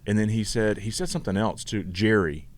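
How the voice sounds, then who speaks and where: A man's voice: on the low side, fairly quick, slight background noise. A man in his forties with a Southern accent, co-hosting a podcast in a casual, joking, self-deprecating way. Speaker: podcast co-host. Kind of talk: casual chat.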